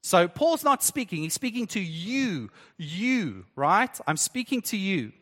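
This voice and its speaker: High-voiced pastor in a reverberant church. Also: male voice, sing-song, measured pace, a bit bright. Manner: conversational, engaging the congregation with questions. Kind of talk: sermon. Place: church hall.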